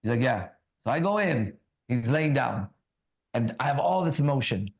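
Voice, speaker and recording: A man hosting a ministry talk, telling a personal story in a loose, casual way and reading scripture slowly. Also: mid-range voice, expressive, gravelly. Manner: casual, tags lines with "right?" and "bro", laughs often; reads scripture slowly and deliberately. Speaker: ministry host.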